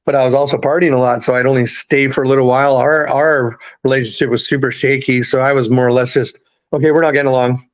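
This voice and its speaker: A man's voice: mid-range voice, steady tone. Rambling man telling his story. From Canada. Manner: rambling, halting, many fillers and restarts. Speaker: podcast guest. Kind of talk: casual storytelling. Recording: slightly dull lo-fi audio.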